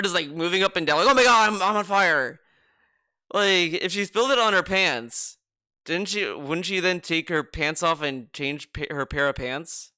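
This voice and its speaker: Animated, mocking male streamer. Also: high-pitched, clean tone, no room sound, studio quality. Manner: mocking, animated, swearing, exaggerated impressions. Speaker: commentary streamer. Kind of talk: reaction commentary.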